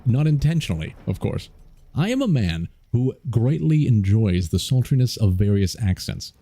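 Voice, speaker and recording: A man's voice: medium pitch, big pitch swings, moderate pace, warm tone, husky, faint music behind. A man streaming a strategy game, joking playfully and laughing often as he comments on his moves. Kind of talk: casual let's-play commentary.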